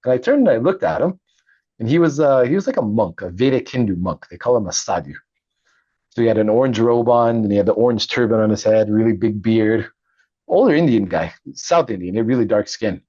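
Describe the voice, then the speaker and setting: A middle-aged man with a low, husky voice recounts his past in a relaxed interview. He talks with animated energy and laughs as he goes. The sound is dry and a little dull. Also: a little fast, no echo. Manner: animated, laughs often, acts out quoted voices. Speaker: podcast guest, Navy veteran and author. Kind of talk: casual storytelling interview.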